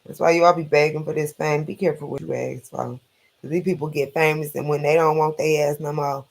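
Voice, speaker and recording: A man's voice: on the high side, fairly even intonation, a little fast, gravelly. A man hosting a casual late-night live stream, rambling bluntly and profanely through his opinions.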